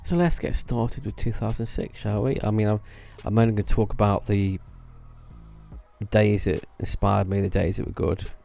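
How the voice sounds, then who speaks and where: A man's voice: lowish voice, fairly even intonation, normal speed, gravelly, dark tone, faint music behind. A man telling rambling casual stories about his old theme park job, restarting phrases and laughing at himself. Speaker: vlogger recalling theme park work.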